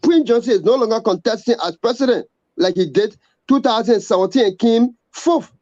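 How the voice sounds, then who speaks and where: A man giving political commentary, halting and repeating words. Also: very high-pitched, darkish tone, lo-fi sound. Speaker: guest commentator.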